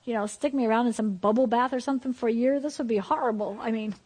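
A woman preaching an informal sermon to a group, telling personal stories in an animated, emphatic way. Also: a little high, fast talker, slightly rough.

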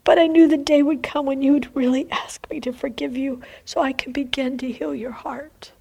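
A woman voicing the Lord as a gentle, sorrowful male figure in whispered role-play, speaking slowly with pleading repetitions. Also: high-pitched, level tone, voice pushed up. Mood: tender. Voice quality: soft breathy whisper. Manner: slow, tender, pleading repetitions.

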